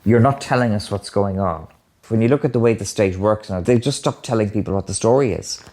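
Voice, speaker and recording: A man's voice: fairly low pitch, fairly quick, a little mellow. Skeptical, insistent man. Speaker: documentary interviewee. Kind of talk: talking-head interview.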